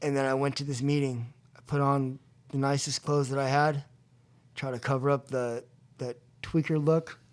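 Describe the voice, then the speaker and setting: A man's voice: mid-range voice, level tone, normal speed, clean tone. A young man as a podcast guest telling his recovery story, acting out the voices of people in it and laughing often. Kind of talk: storytelling about addiction recovery. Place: convention venue.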